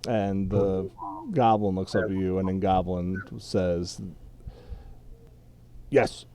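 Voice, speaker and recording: Mellow low-voiced male game master. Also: little pitch movement, unhurried, a little hiss or hum. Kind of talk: narrating a tabletop game.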